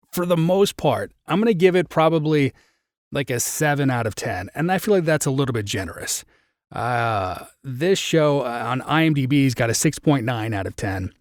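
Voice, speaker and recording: A young man talks casually into a close mic, reviewing a film on a live stream. His voice sits at an ordinary middle pitch, and the sound is dry with no room around it. He rambles a little, leaning on "like" as he thinks aloud. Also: no echo. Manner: rambling, chatty, lots of "like" fillers. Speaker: podcast host.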